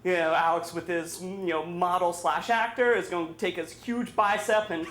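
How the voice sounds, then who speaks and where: At a live storytelling night in a bar, a man with a high, steady and somewhat bright voice tells a funny personal story at a moderate pace. He rambles, leans on fillers and mocks himself, in an echoey room with faint ambience.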